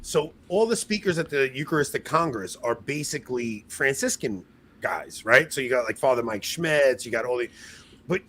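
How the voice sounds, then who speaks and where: A man's voice: medium pitch, expressive, normal speed, bright, forceful tone, slight background noise. A young man co-hosting a podcast in casual chat, rambling and self-mocking with frequent laughs. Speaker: podcast co-host.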